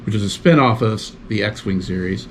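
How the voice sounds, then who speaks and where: A man's voice: fairly low pitch, fairly quick, a little hiss or hum. A man, a guest in a casual chat, rambling loosely with lots of fillers.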